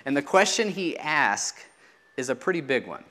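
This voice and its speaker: A man's voice: on the high side, sing-song, normal speed, pushed and bright. A man preaching a sermon in a teaching manner, asking rhetorical questions and letting his voice drop at the ends of phrases.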